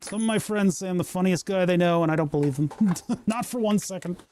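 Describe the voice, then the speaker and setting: A maker tinkers in an indoor workshop and streams it, chatting in a rambling, self-amused way between hiccups. His voice is high-pitched and a little mellow, his pace quick, and the lapel mic picks up slight background noise.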